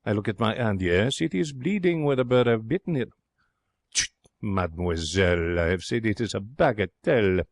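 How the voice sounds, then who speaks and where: A man reading an audiobook, voicing an excitable, romantic young Frenchman who tells his tale in broken English. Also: fairly low pitch, moderate pace, no room sound. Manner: theatrical, broken English phrasing. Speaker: audiobook narrator.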